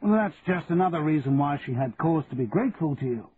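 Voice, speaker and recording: A man's voice: on the high side, expressive, fast talker, pitched above the performer's own voice, close to an everyday voice. Brief: male reader as a courteous, persuasive young London man, lo-fi phone-like sound. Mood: earnest. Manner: polite and persuasive. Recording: tinny lo-fi radio recording, faint hiss.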